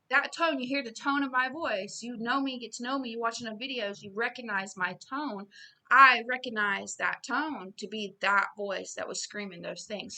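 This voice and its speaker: A woman giving an informal Bible reading and sermon, earnest and growing loud and emphatic as she preaches. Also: a little high, normal speed. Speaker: self-styled preacher.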